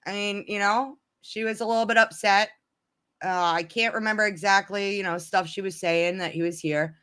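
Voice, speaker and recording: A woman's voice: medium pitch, fairly even intonation, moderate pace, a bit bright, smooth. A woman chatting casually to her viewers, telling a story in a rambling way, with many restarts.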